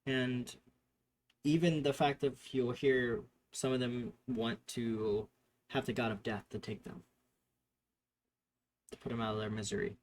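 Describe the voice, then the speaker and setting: A man's voice: mid-range voice, fairly even intonation, measured pace, long pauses, slight background noise. A man narrating a tabletop game as game master, describing scenes off the cuff and often correcting himself mid-sentence. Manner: improvised description with fillers and self-corrections.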